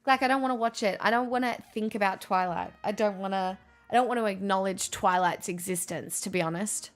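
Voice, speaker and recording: A woman's voice: medium pitch, fairly quick, faint music behind. A woman live streaming in casual chat, sarcastic and ranting, often breaking into laughter.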